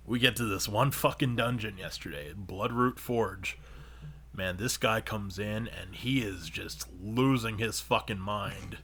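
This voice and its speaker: Podcast co-host, male, bright lower voice, swears freely, gets animated in retelling. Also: moderate pace. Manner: profane storytelling, animated when retelling. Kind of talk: casual chat.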